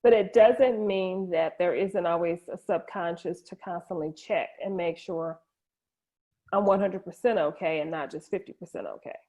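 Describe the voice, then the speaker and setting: A woman's voice: fairly low pitch, moderate pace, dark tone. A middle-aged woman, a guest in an interview, candidly sharing an emotional personal story with frequent restarts. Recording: dull lo-fi audio.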